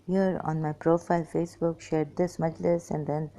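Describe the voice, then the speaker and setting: A tired, weak woman rambling through a personal monologue for her vlog in halting, broken phrases. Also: low-pitched, little pitch movement, mellow, a little hiss or hum. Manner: halting, fragmented speech with many pauses. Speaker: vlogger.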